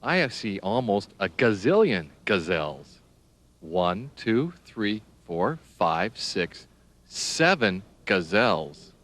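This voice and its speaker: A man narrating for young children in a very slow, sing-song way. His voice sits a little low and swoops up and down a great deal. He spells words out letter by letter as he goes. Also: big pitch swings, a bit bright.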